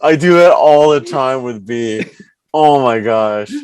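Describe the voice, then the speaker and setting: A man hosting a podcast in casual chat, telling stories with frequent "right?" tags and squeaky put-on voices. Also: lively intonation, takes it slowly, a little mellow, smooth, no echo. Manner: laughing storyteller who acts out squeaky high character voices. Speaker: podcast host.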